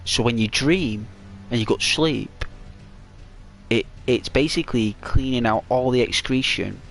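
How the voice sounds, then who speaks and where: A sleepy man giving rambling, musing commentary over a relaxed gameplay video. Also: medium pitch, measured pace, creaky, faint music behind. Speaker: channel host.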